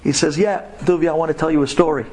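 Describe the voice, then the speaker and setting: A man's voice: steady tone, fast, a little mellow. Dramatic New man telling stories. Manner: dramatic, acts out voices with big pitch swings. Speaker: inspirational storyteller. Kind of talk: storytelling talk to women.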